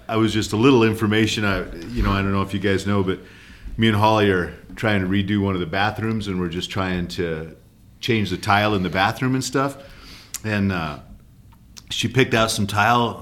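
A man co-hosting a casual podcast, speaking haltingly and telling dry jokes. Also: lowish voice, a bit bright. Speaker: podcast co-host.

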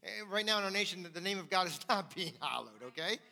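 Bright-voiced pastor preaching. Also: male voice, sits high, expressive, quick pace, vocal fry. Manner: emphatic, repeats key phrases. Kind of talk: sermon. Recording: long hall reverb.

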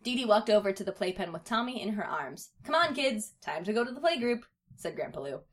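A woman's voice: big pitch swings, brisk. A woman hosting a comedy show, reading a story aloud with put-on voices and frequent laughter. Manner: reads baby characters in put-on high voices, laughs often. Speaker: podcast host reading fan fiction aloud.

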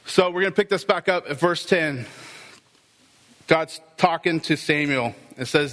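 A male pastor preaching a sermon, telling the story with lively, acted-out dialogue. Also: a little high, unhurried, big-room sound.

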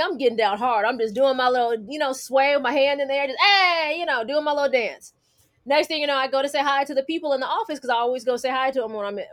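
A woman's voice: high-pitched, a bit bright. A woman co-hosting a casual chat, teasing and playful as she tells stories. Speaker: podcast co-host.

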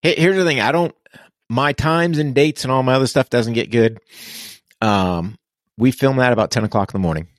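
A man's voice: medium pitch, normal speed, dry recording, clean studio sound. A military veteran man speaking candidly as a podcast guest, blunt and earnest. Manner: blunt, earnest, swears casually.

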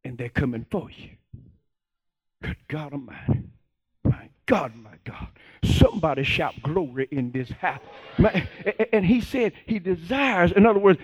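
A male pastor preaching a sermon, calling and responding with the congregation and rising to shouts. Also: sits high, husky.

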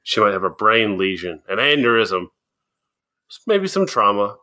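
Man, podcast co-host, casual chat, vivid bright tone, laughs a lot. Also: on the low side, very animated, moderate pace. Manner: chatty, laughs often while explaining.

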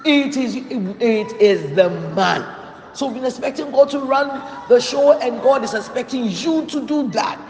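A man's voice: very high-pitched, unhurried. A man preaching a sermon in a church hall, emphatic and repeating key phrases for stress. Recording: echoey hall with long reverb.

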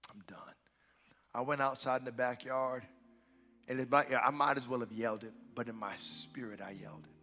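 Man preaching, hushed to shouting. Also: mid-range voice, steady tone, fairly quick, in a large hall, soft background music. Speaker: pastor. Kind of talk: sermon.

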